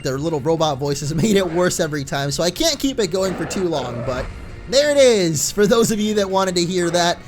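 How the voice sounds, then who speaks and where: A man narrates his video game run in casual, chatty commentary, sounding excitable and laughing often. His voice sits high for a man and bounces around a lot in pitch. Faint music plays underneath. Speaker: let's play host.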